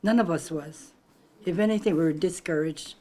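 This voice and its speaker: A woman's voice: lowish voice, normal speed, darkish tone. An older woman from Hawaii with a Hawaiian Pidgin-tinged accent, reminiscing about her grandparents in a rambling way and searching for words. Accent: Hawaiian Pidgin-tinged English. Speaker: granddaughter sharing memories. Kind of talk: conversational reminiscing.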